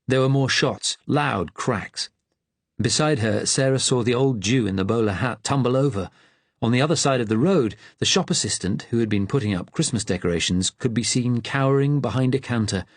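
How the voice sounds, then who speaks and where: A man narrating an audiobook thriller in a measured, tense storytelling voice. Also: on the low side, dry recording.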